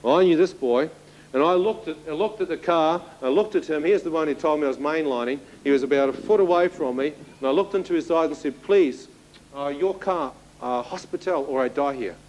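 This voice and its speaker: A man in his thirties, speaking fast with a slightly high, darkish voice, delivers his testimony to an audience on a rough recording. He recounts his story vividly, now and then turning to the crowd with asides.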